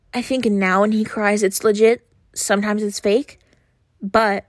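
A young woman hosting a podcast, talking frankly and earnestly in a casual monologue, often pausing on fillers. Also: mid-range voice, dry recording, clean studio sound. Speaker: podcast host.

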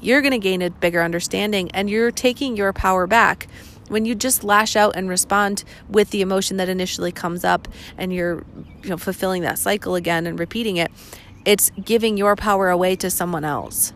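A woman in her thirties hosts a solo podcast in a candid, reflective way. She often voices the questions she asks herself. Her pitch sits in an ordinary middle range. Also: moderate pace, slight background noise. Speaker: podcast host. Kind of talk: casual solo podcast talk.

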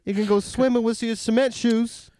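A man's voice: very high-pitched, steady tone, takes it slowly, no echo, clean studio sound, pitched above the performer's own voice, exaggerated voice. A man doing a brash old-city tough-guy voice, like a 1950s hoodlum. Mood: menacing.

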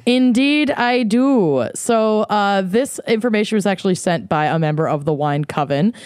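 Low-voiced chatty woman podcaster. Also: fairly even intonation, normal speed, darkish tone, no room sound. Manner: chatty and joking, earnest when pitching a cause. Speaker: podcast co-host. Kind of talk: casual chat, reading a listener plug.

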